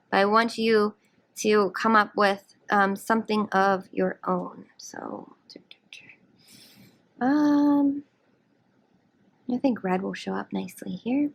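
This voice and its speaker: A woman's voice: mid-range voice, fairly even intonation, slow, gravelly, fairly bright tone. A woman teacher leading a guided reading lesson, conversational, asking her students questions as she explains the text. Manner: conversational, asks the class questions. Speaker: English teacher.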